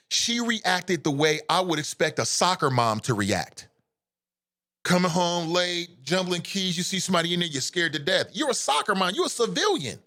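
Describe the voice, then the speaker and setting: A man's voice: high voice, pushed and bright. A man hosting a live show at home, giving blunt, impassioned and profane opinion commentary.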